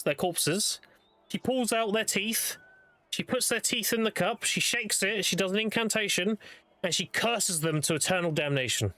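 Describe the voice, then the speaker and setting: A young man streaming a game, casually telling dark lore with plenty of swearing and loose, rambling phrasing. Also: high-pitched, dry recording. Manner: profane, laid-back lore explainer. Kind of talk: casual storytelling while gaming.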